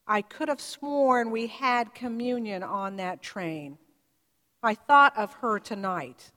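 A woman preaching, retelling a story in a measured, vivid way. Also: fairly high pitch, pushed and bright. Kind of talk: sermon storytelling. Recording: reverberant hall.

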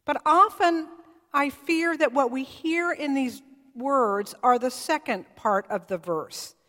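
A woman pastor preaching a sermon in a church, measured and emphatic, with repeated phrases for weight. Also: sits high, a bit bright, in a large hall. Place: church sanctuary.

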